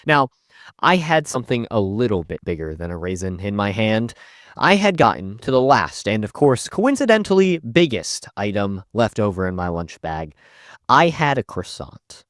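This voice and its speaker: Young man, casual storytime narration, joking and conversational, lively swooping pitch, dry close sound. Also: moderate pace, dry recording. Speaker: storytime YouTuber.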